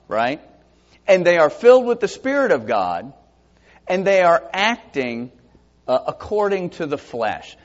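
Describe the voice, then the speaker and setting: A man's voice: on the high side, muffled recording. A man preaching a sermon, teaching verse by verse, reading scripture aloud and asking rhetorical questions. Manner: expository Bible teaching, reading scripture aloud in King James wording; asks rhetorical questions, lively and animated.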